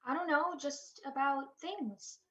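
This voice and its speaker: A woman's voice: sits high, slow pace, sharp tone, muffled recording, heavily acted. A young woman playing a torn female university student who pleads hesitantly with her boyfriend in a radio drama. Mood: pleading. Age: young adult. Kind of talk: amateur radio drama acting.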